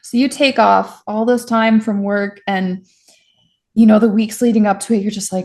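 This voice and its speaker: Gravelly-voiced young woman telling her story. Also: mid-range voice, normal speed, darkish tone. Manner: frank, self-deprecating, frequent restarts. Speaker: interview guest, stalking survivor. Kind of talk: candid conversational storytelling.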